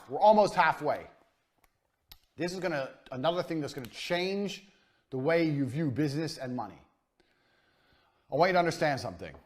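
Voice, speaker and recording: A man teaching a business course in a blunt, emphatic motivational lecture style, with short punchy sentences and casual swearing, his voice falling quiet at the ends of phrases. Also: on the high side. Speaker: course instructor.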